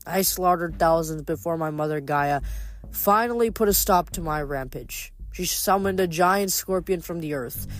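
Brief: a smooth-talking, menacing giant hunter, male, voiced by the reader, from an audiobook. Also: medium pitch, moderate pace, lightly acted. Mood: smooth menace.

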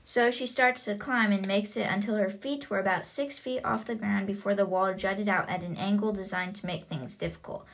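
A woman's voice: mid-range voice, steady tone, moderate pace, few pauses. Chatty young woman retelling a book. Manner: chatty, filler-heavy. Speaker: podcast host.

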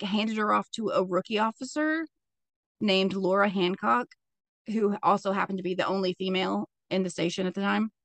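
A woman's voice: medium pitch, fairly bright tone, no room sound. A young woman hosting a podcast, retelling a true-crime case in a casual, profane way, full of "like" fillers. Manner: chatty and profane, with frequent "like" fillers. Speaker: podcast host.

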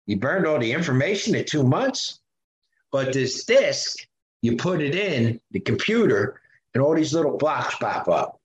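An older man from Philadelphia, USA, guests on a podcast, telling stories conversationally in a medium-pitched, unhurried voice. He's animated, acts out quoted voices, and uses frequent fillers, and the sound is roomy.

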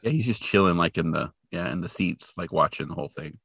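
A man's voice: low voice, fast, gravelly, a bit bright, husky, no room sound. A man co-hosting a podcast, recapping a cartoon episode in casual, wry chat and swearing bluntly. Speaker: podcast co-host.

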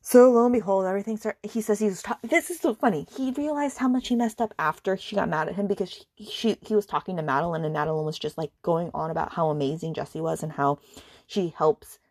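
A woman's voice: fairly low pitch, a little mellow, no echo, studio quality. A woman hosting a book podcast, retelling a story in a casual, exasperated and sarcastic rant full of fillers and swearing. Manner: fast retelling with many fillers.

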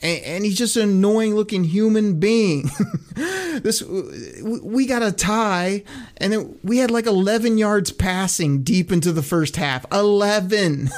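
A man's voice: high voice, a little slow, a little mellow. A man co-hosting a casual football talk show, ranting with sarcasm and frequent laughter. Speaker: sports podcast co-host. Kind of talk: casual sports talk rant.

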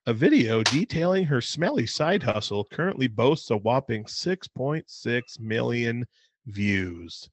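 Man reading news out loud on a podcast. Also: mid-range voice, expressive, a little slow, no room sound. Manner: reads out articles with laughing asides. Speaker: podcast co-host. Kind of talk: casual podcast chat, reading a news story aloud.

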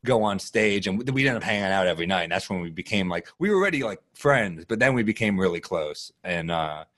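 A man telling profane, animated stories as a guest comedian in casual podcast chat. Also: sits low. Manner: animated, profane, fast-shifting storyteller.

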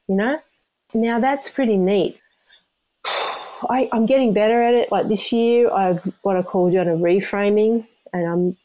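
A woman's voice: medium pitch, vocal fry, warm tone, low-quality recording. A woman, talking candidly and animatedly as an interview guest, with frequent restarts and self-deprecating asides. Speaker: guest, runner.

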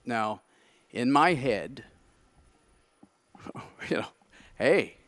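A man's voice: medium pitch, drawn-out words, no room sound. Guy telling a long story, voice jumps all over, dry close sound. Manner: animated storytelling, acts out his own past thoughts. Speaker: podcast guest. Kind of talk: casual chat.

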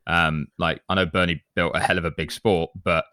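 A man's voice: deep voice, flat delivery, normal speed, pushed and bright, no echo, clean studio sound. An English man hosting a podcast, leading the conversation and teasing his co-hosts. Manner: leads the talk, teasing. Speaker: podcast host. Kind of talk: casual chat.

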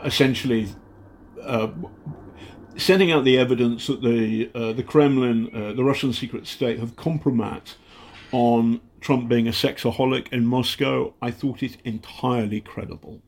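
A British investigative journalist telling stories in a casual interview, halting often and acting out the people he quotes. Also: medium pitch, a little mellow. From Britain. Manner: halting, many fillers and restarts, acts out quotes.

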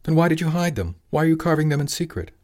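A man's voice: medium pitch, fast talker, a little mellow, pitched above the performer's own voice, close to an everyday voice. A man voicing an angry, stern middle-aged fisherman father who talks heatedly and demands answers.

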